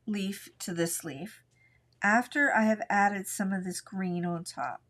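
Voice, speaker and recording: A woman hosting a live art tutorial, chatting in a relaxed way and describing each pencil stroke as she colors at her craft desk. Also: medium pitch, takes it slowly. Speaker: art instructor.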